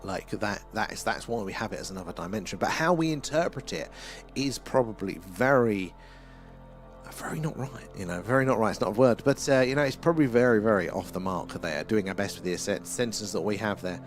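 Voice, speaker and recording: A man's voice: lowish voice, expressive, fairly quick, faint music behind. A British man hosting a casual night-time livestream outdoors, rambling with many fillers as he chats with viewers. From United Kingdom. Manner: rambling, lots of fillers and repeated "there". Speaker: livestream host reading viewer chat. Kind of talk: casual live-stream chat.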